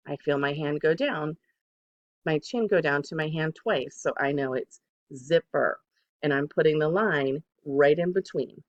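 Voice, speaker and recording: A second grade teacher giving a recorded phonics lesson to children, patient and deliberate, saying each word twice to model it. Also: mid-range voice, dull audio.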